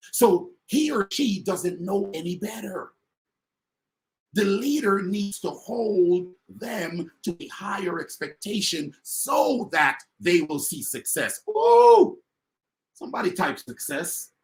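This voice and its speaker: A man giving a fired-up motivational business talk to an online audience, emphatic and repetitive, swinging from loud to quiet. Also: sits high. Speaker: motivational speaker and business coach.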